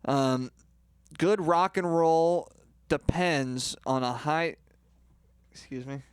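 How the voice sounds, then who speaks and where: Boastful, crude man with a smooth voice. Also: a little high, takes it slowly, no echo, studio quality. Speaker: self-proclaimed rock star giving singing lessons. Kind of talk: improvised comedic lesson.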